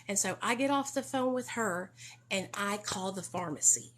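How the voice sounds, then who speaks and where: A young woman talks straight to her viewers in a loose, chatty live-stream style. She speaks with emphatic, defensive energy at a middle pitch. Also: normal speed, a bit bright, breathy edge. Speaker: vlogger on recovery. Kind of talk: casual live-stream chat.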